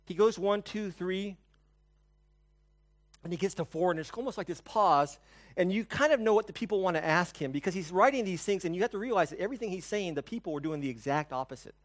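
Guy preaching in a church, kinda high voice, chatty, tells stories and asks the crowd stuff, gets quiet then loud. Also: lively intonation, brisk. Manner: storytelling, asks the congregation questions; swings between soft and loud. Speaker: pastor. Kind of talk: conversational sermon.

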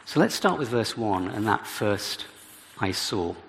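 Male preacher, lowish gravelly voice, expository sermon in a church hall with long reverb. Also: very animated, unhurried, fairly bright tone. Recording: reverberant hall with faint background noise.

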